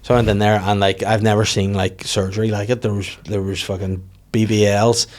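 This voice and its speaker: Fast-talking Northern Irish comedian. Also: male voice, lowish voice. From Northern Ireland. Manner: rapid, profane, animated anecdotes. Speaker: stand-up comedian. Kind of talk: casual podcast storytelling.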